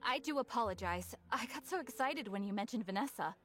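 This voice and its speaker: A woman's voice: on the high side, lively intonation, fairly quick, fairly bright tone. A woman voicing an eager, chatty young shopkeeper in a video game, bubbly and salesy, with game music behind. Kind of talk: video game character dialogue.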